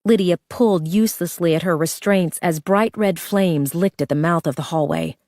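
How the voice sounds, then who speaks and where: A woman's voice: on the low side, normal speed, a little mellow, dry recording, clean studio sound. Woman narrating a tense thriller. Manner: tense, urgent dramatic reading. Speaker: audiobook narrator.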